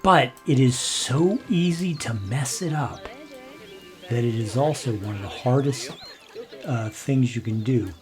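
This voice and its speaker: A man's voice: medium pitch, a little slow, soft background music. Chuckling man telling a rambling story. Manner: rambling, chuckling, restarts, quotes others. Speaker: gameplay commentator. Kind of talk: casual storytelling while playing.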